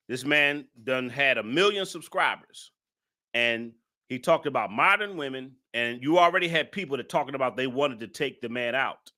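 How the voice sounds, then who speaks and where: A man's voice: mid-range voice, expressive, moderate pace, pushed and bright. A man giving live-stream commentary, emphatic and repeating his points with indignant rhetorical questions.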